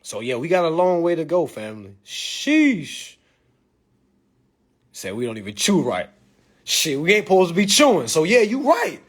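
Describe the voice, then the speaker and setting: A man's voice: on the high side, wildly swooping pitch, normal speed. A man delivering a blunt, profane, preachy rant in a monologue. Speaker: vlog commentator. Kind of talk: ranting monologue.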